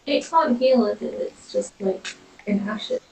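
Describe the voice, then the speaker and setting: A woman's voice: fairly high pitch, expressive, slow, reverberant, far from the mic, noisy background. A woman playing in a tabletop game, making wry, blunt remarks. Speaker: player. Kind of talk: casual tabletop play.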